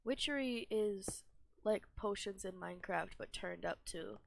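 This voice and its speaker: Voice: mid-range voice, unhurried, gravelly, a little hiss or hum. A young adult streamer giving casual, rambling gameplay commentary, self-deprecating and often laughing. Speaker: gaming streamer.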